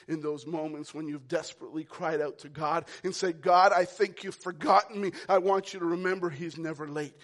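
A pastor preaching a sermon, moving from quiet, low lines to loud, ringing calls. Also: male voice, normal speed, few pauses. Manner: preaching with big swings from soft to loud.

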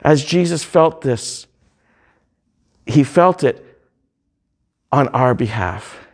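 A man preaching a sermon, reading hymn lyrics and scripture aloud in slow, drawn-out phrases. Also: medium pitch, animated.

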